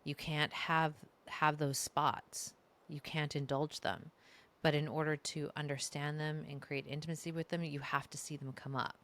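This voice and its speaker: A woman's voice: sits low, level tone, normal speed, fairly bright tone. A woman co-hosting a podcast, talking through personal growth in reflective casual chat with swearing and filler words. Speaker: podcast co-host.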